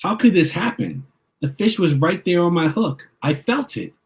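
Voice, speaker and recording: A man's voice: high-pitched, very animated, moderate pace. A children's book author reading his picture book aloud, narrating expressively in the first person.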